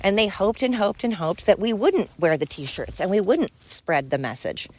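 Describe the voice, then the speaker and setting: A woman's voice: mid-range voice, expressive, normal speed, a little mellow, slight background noise. A woman hosting a solo podcast, ranting with indignation and mocking her critics through sarcastic rhetorical questions. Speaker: podcast host. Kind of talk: opinionated solo podcast monologue.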